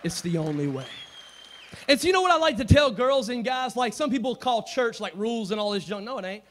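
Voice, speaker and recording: Guy preaching a sermon, pretty high voice, slangy, goes quiet then yells. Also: fast. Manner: animated, swings from hushed to shouting; slangy, casual talk. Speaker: youth preacher. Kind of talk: storytelling sermon.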